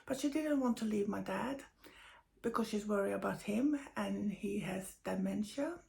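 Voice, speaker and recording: A middle-aged woman telling a personal story of loss, tired and emotional, speaking haltingly with many pauses. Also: medium pitch, gravelly, a little mellow. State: tired and grieving. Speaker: medium sharing personal news.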